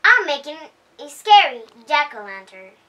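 A woman voicing an excitable male dragon from a children's picture book, read aloud at home in an eager, simple way. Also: sits high, a little slow, full character voice. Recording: voice heard from a distance.

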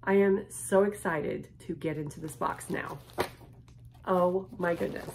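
Slow-talking woman gushing over an unboxing. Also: lowish voice, fairly even intonation, vocal fry, a little hiss or hum. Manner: gushing, lingering, drops to a hush at times. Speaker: unboxing vlogger. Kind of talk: casual unboxing chat.

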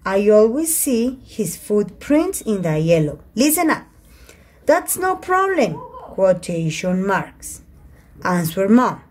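Her mid-range voice is sing-song, a little mellow, and slow-paced. She's a Spanish-accented native Spanish speaker teaching English grammar online, reading sample sentences and shifting into Spanish for explanations, captured on a computer mic during a video call.

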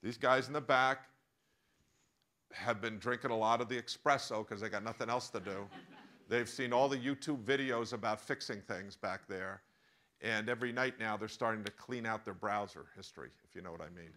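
Bright-voiced American man telling a story. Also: on the low side, moderate pace. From United States. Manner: animated, joking storyteller. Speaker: professor giving a masterclass. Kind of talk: storytelling lecture.

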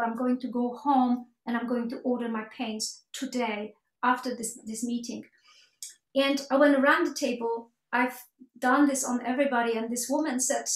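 High-voiced woman telling a story in an echoey room. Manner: animated, acts out quoted dialogue, frequent restarts. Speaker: keynote speaker. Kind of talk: webinar talk with storytelling.

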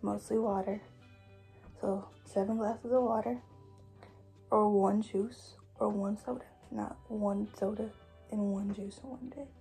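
A young adult woman, a fitness vlogger, talks casually to viewers during a home workout, a little out of breath, calling them "you guys" and using plenty of fillers. She speaks at medium pitch with a steady, warm tone and a measured pace. Soft background music plays, and the audio is poor.

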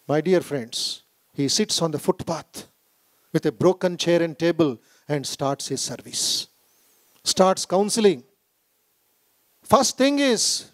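A high-pitched man with an Indian English accent addresses a gathering in a hall. He tells stories with emphasis, repeating key phrases and voicing the people he quotes. The delivery is that of a spiritual speaker lecturing a corporate audience. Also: expressive, a little slow, long pauses. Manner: storytelling, repetitive and emphatic, acts out quoted voices. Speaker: monk giving a talk. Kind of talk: public speech to a corporate gathering. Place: conference hall.

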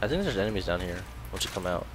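A man in a let's play video, cursing and ranting at his game as he plays. His voice jumps all over the place, from low grumbles to sudden high yelps. Loud game noise and gunfire run behind him the whole time. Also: very animated, very fast. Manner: swearing, ranting and frustrated. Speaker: gameplay commentator.

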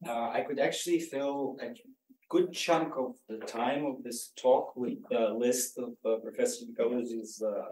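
A man introducing a guest speaker in a formal, halting way, with many "uh" fillers. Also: mid-range voice, darkish tone. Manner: many "uh" fillers, slow deliberate delivery. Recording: roomy lecture hall, distant mic.

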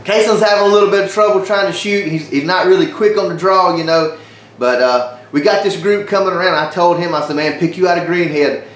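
A man, a father hosting a casual duck hunting vlog outdoors by the water, talking excitedly. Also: sits high, a little fast. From Alabama. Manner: excited, laid-back Southern drawl, hushed whispers when birds near. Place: outdoors at a marsh blind by water. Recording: outdoor camera mic with faint wind and water noise.

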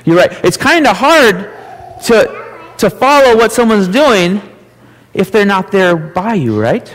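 A man with an Upper Midwest American accent, leading a children's message in church and gently asking the kids playful questions. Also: high-pitched, big pitch swings, takes it slowly. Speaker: pastor giving a children's message. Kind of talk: children's sermon. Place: church sanctuary. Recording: long church hall reverb.

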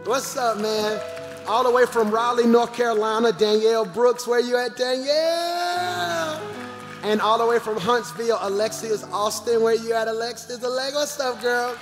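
Man, pastor, animated pulpit announcements, high voice, reverberant church hall. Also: moderate pace, over music. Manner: animated, calls out to the congregation. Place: large church auditorium.

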